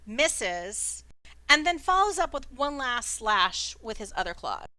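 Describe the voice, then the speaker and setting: Bright, dry-voiced woman running a game. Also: on the high side, big pitch swings, slow, no echo. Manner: casual, with playful sound effects and fillers. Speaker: dungeon master. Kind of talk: narrating a tabletop game. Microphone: online voice call.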